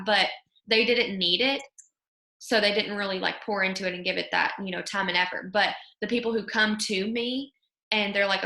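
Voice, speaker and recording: A chatty woman hosts a casual motivational talk, leaning on fillers as she goes. Her voice is bright and clear. The room around her rings with a noticeable echo. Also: medium pitch, steady tone, normal speed. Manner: chatty, fills with "like" and "you know". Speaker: host.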